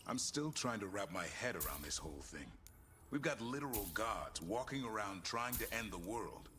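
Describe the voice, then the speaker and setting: An actor plays a grounded companion in a fantasy game, speaking low and wryly. His tone is matter-of-fact and dry. Clear noise runs under the game audio. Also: expressive, normal speed, natural voice.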